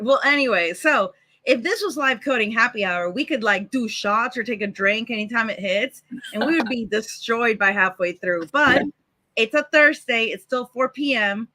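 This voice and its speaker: Bright-voiced upbeat woman host. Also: on the high side, moderate pace. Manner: upbeat, chatty, laughs easily. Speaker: host and product manager. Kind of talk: casual livestream hosting.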